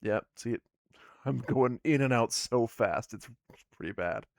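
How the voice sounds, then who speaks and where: A man's voice: medium pitch, animated, moderate pace, creaky, a little mellow, no room sound, studio quality. A sleepy man casually narrating his solo tabletop game on a live stream, rambling and self-deprecating as he reads the game text aloud.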